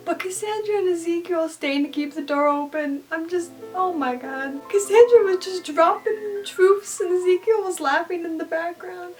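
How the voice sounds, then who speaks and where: A woman talking through a TV episode in a casual recap, gushing and excitable as a fan. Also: very high-pitched, moderate pace, far from the mic, faint music behind.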